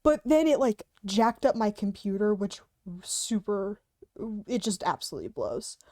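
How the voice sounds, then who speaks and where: A woman's voice: medium pitch, big pitch swings, normal speed, mellow, dry recording, studio quality. A woman streamer rambling casually and giggling while showing off sound effects and voice changer settings. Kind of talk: casual livestream chat. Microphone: headphones beneath a hat.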